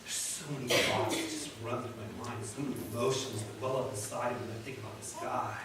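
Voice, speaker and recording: A male pastor preaching a sermon in a church, telling the story dramatically and swinging between loud and hushed delivery. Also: mid-range voice, fairly even intonation, fast talker, very noisy. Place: church sanctuary. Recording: echoey church hall from far off.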